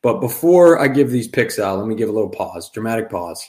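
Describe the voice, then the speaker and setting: Lower-voiced man, confident sports host. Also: very animated, darkish tone. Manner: confident, rapid-fire betting picks. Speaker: podcast co-host. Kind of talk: casual sports podcast chat.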